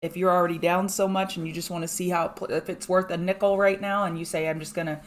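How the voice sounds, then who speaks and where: A woman's voice: lowish voice, level tone, quick pace. A woman hosting a live pre-market show, chatting with viewers by name and walking through stock charts. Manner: chatty, greets chat viewers by name while reading charts. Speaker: market livestream host. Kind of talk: casual live chart analysis.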